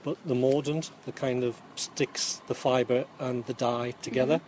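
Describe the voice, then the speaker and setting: A man's voice: medium pitch, steady tone, measured pace, a little mellow, slight background noise. A middle-aged man from Newcastle with a Geordie accent, explaining his work in a rambling way with dry humour and lots of ums. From Newcastle, England. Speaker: yarn dyer and former chemistry teacher. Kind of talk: casual interview answers. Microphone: interviewer's phone.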